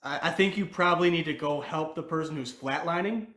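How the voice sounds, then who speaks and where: A man's voice: fairly high pitch, fairly quick, fairly bright tone, roomy sound. A man hosting a live stream, chatting casually in a joking, sarcastic way. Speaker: livestream host. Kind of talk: casual chat.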